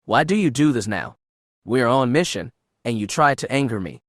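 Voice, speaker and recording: A man's voice: medium pitch, lively intonation, normal speed, fairly bright tone, dry recording, clean studio sound, natural voice. A man voicing a stern young female Jedi in an audiobook, clipped and restrained. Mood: tense.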